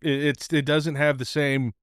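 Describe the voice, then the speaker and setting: Relaxed man hosting a casual podcast. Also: on the high side, normal speed, no room sound, studio quality. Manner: relaxed, laughs easily. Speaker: podcast host. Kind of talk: casual chat. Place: outdoor patio.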